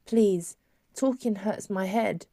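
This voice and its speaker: A woman voicing an injured woman patient, speaking weakly in a quiet, low mumble. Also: slow pace, no room sound, studio quality. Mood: weary. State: weak and hurting. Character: injured woman patient, weak, weary and calm.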